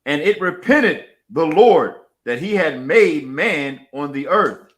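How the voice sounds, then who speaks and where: A man with a fairly high voice reads scripture aloud very slowly. He stumbles and repeats words as he goes. His reading is halting and careful. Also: animated. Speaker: scripture reader.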